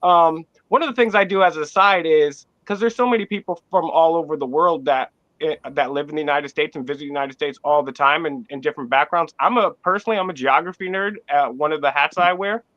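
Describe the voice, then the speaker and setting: Bright, high-voiced man joking on a panel. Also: a little fast, no echo, dull audio. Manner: joking, animated, acts out mock dialogues. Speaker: podcast co-host. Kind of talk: casual panel discussion.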